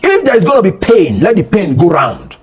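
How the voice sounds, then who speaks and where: A middle-aged Nigerian man speaking with an accent as a guest on a political talk show, passionate and rising toward shouting. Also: high voice, huge pitch swings, fairly quick, breathy edge. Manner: impassioned, rising to near shouting.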